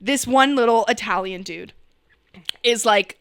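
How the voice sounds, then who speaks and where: A young woman from Canada, co-hosting a podcast and telling a story with her brother, animated and laughing as she acts out quotes. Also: fairly high pitch, normal speed. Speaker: podcast co-host. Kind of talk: casual storytelling chat.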